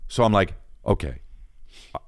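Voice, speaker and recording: A man's voice: sits low, normal speed, creaky, a crowd in the background. A man who is a comedian and podcast co-host, telling a long story in casual chat, rambling with restarts and swearing. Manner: rambling, animated, self-interrupting, swears freely.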